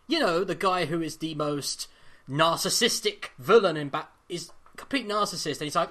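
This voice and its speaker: A man co-hosting a casual pop culture chat, animated and excitable, swearing freely. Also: on the high side, moderate pace. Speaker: podcast co-host.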